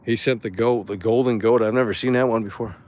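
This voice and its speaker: A man streaming live, chatting casually and reacting to chat in an excitable, profane way with frequent stammered restarts. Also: medium pitch, fast talker. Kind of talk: casual livestream commentary reading chat.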